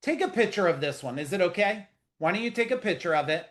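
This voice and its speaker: A middle-aged man with a fairly high voice runs a live webinar for business owners over a video call. He talks in a loose, animated way, blunt and profane, cracking jokes as he goes. He speaks straight to his audience in a casual coaching manner. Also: fast talker.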